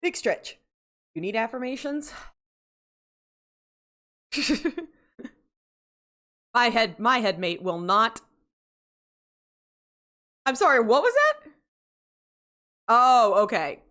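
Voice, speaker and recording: This gaming streamer's fairly high, sharp voice has a sing-song lilt, with drawn-out words and long pauses. Drowsy and yawning, she chats casually with viewers, reading chat, rambling, breaking off mid-thought, and laughing frequently.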